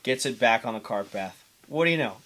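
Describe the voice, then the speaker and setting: Bright young man, punchy repetition. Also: medium pitch, lively intonation, brisk. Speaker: podcast co-host. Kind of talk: casual chat.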